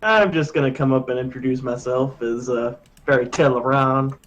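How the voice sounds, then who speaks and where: A man's voice: medium pitch, moderate pace, fairly bright tone, muffled recording, a little hiss or hum. A man speaking as a player in a tabletop role-playing game, voicing his paranoid character in an offhand, matter-of-fact way.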